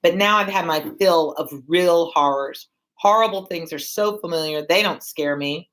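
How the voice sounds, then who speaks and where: A woman's voice: fairly low pitch, moderate pace, a bit bright, close to an everyday voice, rough recording. A woman reading Macbeth, a weary doomed king. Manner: reads the lines aloud from a text. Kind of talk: classroom read-aloud of a play.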